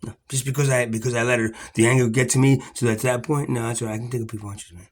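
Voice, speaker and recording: A man's voice: mid-range voice, fairly even intonation, quick pace. A man ranting in an agitated, rambling, profane monologue to camera, full of restarts.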